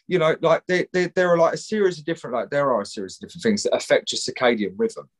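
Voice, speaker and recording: A man's voice: on the high side, expressive, fast talker. Frank, swearing man. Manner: frank, rambling, swears freely. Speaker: guest, mental health counsellor. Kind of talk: candid podcast conversation.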